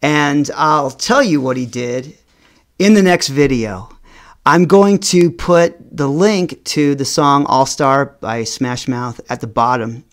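A middle-aged man telling a personal story straight to the camera. His delivery is animated. He stretches out words for emphasis and often stumbles and repeats himself as he goes. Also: medium pitch, takes it slowly. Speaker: vlogger.

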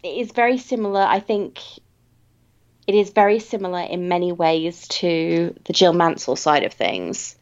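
Woman, lowish voice, measured, reflective, drawn-out phrasing, casual book chat, slightly dull lo-fi sound. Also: animated.

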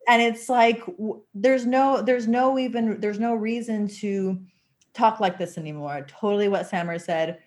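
A woman with a medium-pitched voice speaks unhurriedly in a casual conversation, frank and animated, saying "like" a lot.

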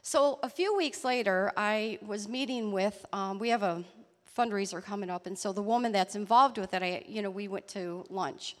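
A woman's voice: medium pitch, in a large hall. Earnest woman telling a testimony. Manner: earnest, halting storytelling with restarts and soft laughs. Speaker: church member sharing a testimony. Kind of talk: personal testimony story. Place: church hall.

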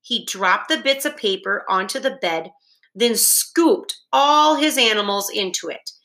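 A woman reads a children's novel aloud in a steady, deliberate storytelling voice. She goes very slowly, and her tone is bright and forward. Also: mid-range voice. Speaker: reader.

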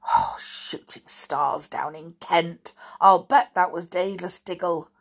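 A woman voicing a severe older witch professor who speaks sharply and impatiently, raising her voice higher and louder than her narration. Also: slow pace, gravelly, heavily acted. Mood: irritable.

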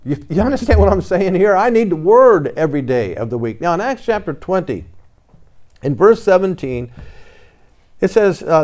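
A man's voice: sits high, very animated, normal speed, a little mellow. A man preaching a conversational sermon, telling his own story and reading scripture aloud in old-fashioned wording. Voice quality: reads scripture in King James wording.

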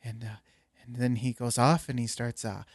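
A man's voice: mid-range voice, level tone, moderate pace, no room sound. A man co-hosting a casual podcast, rambling through stories with self-mocking humor and plenty of fillers. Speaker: podcast co-host. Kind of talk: casual chat.

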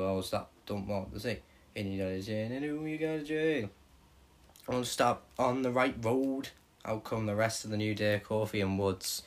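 Male podcast host, slow-paced animated wrestling recap. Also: fairly low pitch. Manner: hums entrance themes, animated play-by-play. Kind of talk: fantasy booking recap with sung themes.

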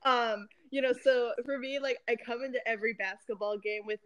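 A woman's voice: a little high, steady tone, fairly quick, a bit bright, dry recording. A young woman co-hosting a podcast, chatting in a laid-back, amused way and laughing easily. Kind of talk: casual chat.

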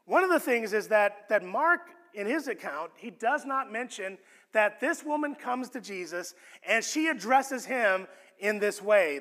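A man delivers a sermon in an earnest, expressive way, often stumbling over and restarting words as he works through his points. His voice sits high and bright. It carries a long reverb, as in a church hall. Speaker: pastor.

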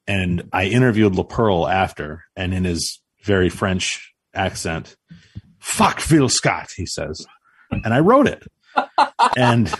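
A man with a very deep voice co-hosts a casual podcast. He tells rambling, self-deprecating stories. The sound is dry and close. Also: no echo. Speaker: podcast co-host. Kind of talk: casual storytelling.

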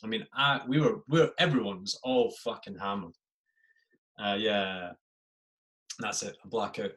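A man's voice: fairly low pitch, moderate pace, long pauses, a bit bright. A man and podcast host who tells army anecdotes in a casual, swearing way and acts out the voices of the people in them. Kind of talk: casual storytelling.

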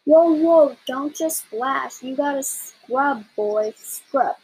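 A woman's voice: high voice, takes it slowly, darkish tone, poor audio. A woman voicing a bossy, brash little female bird who scolds and wisecracks bluntly in a storybook reading.

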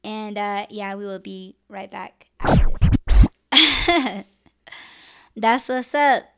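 A young woman hosting a live podcast vents in a blunt, animated, swear-filled casual rant. Her medium-pitched voice is slow and creaky, and the recording is very noisy.

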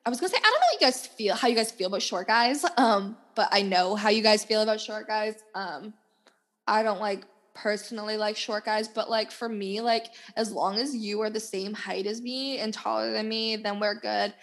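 A woman's voice: medium pitch, flat delivery, normal speed, a bit bright. A young woman in her twenties hosting a casual solo podcast, talking candidly with lots of "like" fillers and laughter. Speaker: podcast host. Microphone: podcast mic.

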